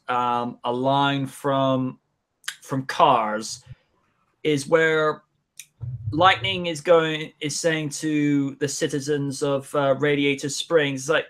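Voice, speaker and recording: A man hosting a live-stream chat, musing slowly with many fillers. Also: medium pitch, a bit bright. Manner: slow, musing, trails off with fillers. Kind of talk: casual chat.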